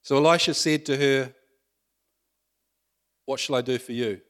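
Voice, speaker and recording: A man's voice: mid-range voice, a little slow, fairly bright tone. Conversational man preaching a sermon. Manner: conversational, asks the congregation questions.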